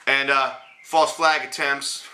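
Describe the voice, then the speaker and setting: A man's voice: medium pitch, flat delivery, takes it slowly, bright, forceful tone. Male host for a ranting political vlog, blunt and sarcastic, recorded in a roomy, echoey space. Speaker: host of a political commentary show.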